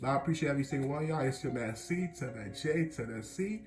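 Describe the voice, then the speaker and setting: A young man telling a school story as a vlogger, animated and slangy, often breaking into laughter. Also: medium pitch, fast talker, over music. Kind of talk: casual storytelling. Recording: echoey room.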